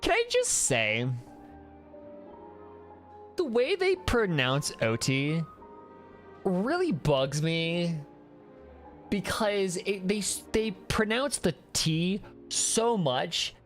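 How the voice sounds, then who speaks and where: A streamer with a Midwest mountain accent giving animated, rambling gameplay commentary full of restarts. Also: mid-range voice, very slow, long pauses, faint music behind. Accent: Midwest mountain American.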